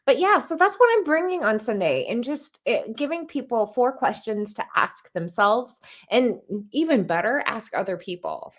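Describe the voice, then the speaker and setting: A woman, chatting as a guest author and coach, telling self-deprecating stories with lively energy. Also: on the high side, moderate pace, few pauses. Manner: animated, self-deprecating storyteller. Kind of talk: casual chat.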